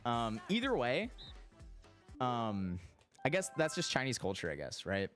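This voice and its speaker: A young man streaming, telling a story casually, animated and profane, his voice shooting up when excited and sinking low when he reflects. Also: unhurried, faint music behind. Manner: animated, swearing, jumps high in pitch when excited.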